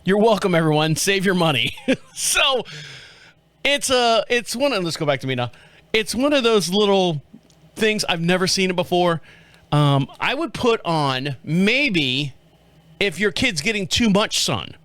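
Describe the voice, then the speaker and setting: A man's voice: high-pitched, expressive, moderate pace, a bit bright, no room sound. A middle-aged man from the States, hosting a podcast in a rambling, joking way and chuckling often. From southern United States. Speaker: podcast host. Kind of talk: casual chat.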